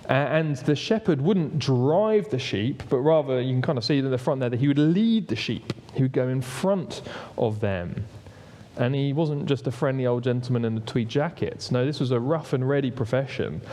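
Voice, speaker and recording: A man's voice: medium pitch, normal speed, dark tone. A man giving a conversational sermon in a church hall, often restarting phrases and asking for the next slide. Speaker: preacher. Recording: long reverb of a hall.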